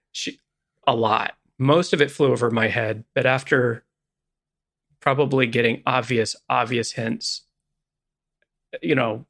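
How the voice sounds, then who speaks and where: Gravelly-voiced man telling a story. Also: medium pitch, fairly bright tone. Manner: rambling, self-deprecating, lots of restarts. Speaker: podcast co-host. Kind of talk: casual storytelling chat.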